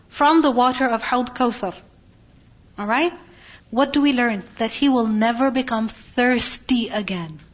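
Woman teacher, high voice, religious lesson, asks the class questions and answers them, dull lo-fi recording. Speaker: Quran teacher.

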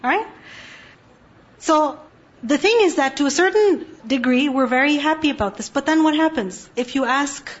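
A woman with a fairly high voice teaches an Islamic lesson to teenagers. She keeps asking questions and answering them herself, and she recites verses in Quranic Arabic. The recording sounds dull and lo-fi. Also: expressive, moderate pace. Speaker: religious teacher.

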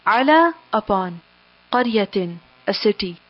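Brief: woman reader, mid-pitched, measured word-by-word recitation with gloss, dull dry lo-fi sound. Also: animated. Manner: measured, pausing after every word or phrase. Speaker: scripture reader and translator.

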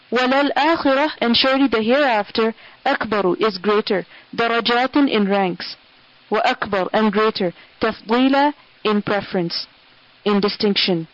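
Quick, methodical woman glossing scripture word by word. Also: on the high side, no echo, highs cut off. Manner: recites each Arabic word then glosses it in English, clipped and methodical. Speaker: Quran word-by-word translator. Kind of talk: word-by-word scripture recitation with translation.

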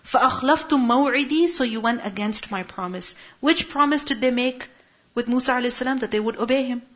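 Woman, Quran teacher, fairly high voice, questioning explanatory manner, dull lo-fi sound. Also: brisk, fairly bright tone. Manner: explains Arabic words, asks questions to the class. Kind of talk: Quran tafsir lesson. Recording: muffled lo-fi recording.

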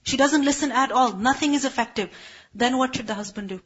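A woman's voice: high voice, fairly quick, husky. A woman teaching a religious lesson, explaining step by step and asking rhetorical questions. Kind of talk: explanatory lecture. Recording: dull lo-fi recording.

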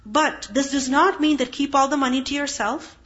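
A woman's voice: high voice, fairly even intonation, normal speed, a bit bright. A woman teaching a Quran lesson, explaining Arabic terms and asking her class rhetorical questions. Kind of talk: religious lesson. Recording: dull lo-fi recording.

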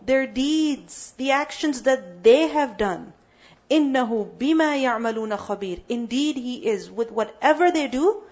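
A woman's voice: high voice, highs cut off. A woman teaching a Quran lesson. She poses questions and answers them herself, and she builds emphasis through repetition.

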